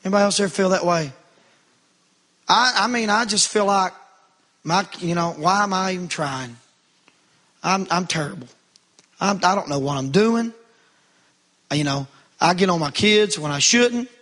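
Bright high-voiced male preacher. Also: moderate pace, pauses often. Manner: preaching with rising fervor, calls to the congregation. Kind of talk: sermon.

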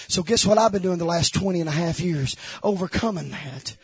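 Husky high-voiced male preacher, shouting. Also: moderate pace, few pauses, dry recording. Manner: shouting, dropping to hushed confessional tones; emphatic, repeats phrases. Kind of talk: sermon.

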